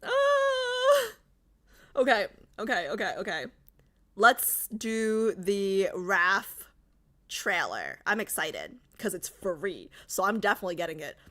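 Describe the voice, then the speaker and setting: Woman, streamer, casual livestream chat, jokey, answers chat, animated pitch, bright tone. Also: unhurried. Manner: chatty, jokey, reads and answers chat aloud.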